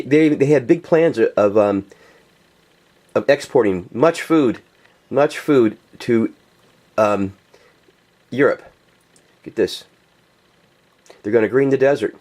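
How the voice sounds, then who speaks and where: A man's voice: mid-range voice, a little mellow. A man ranting in a casual, profane monologue, full of fillers and restarts, addressing viewers directly. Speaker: political video commentator.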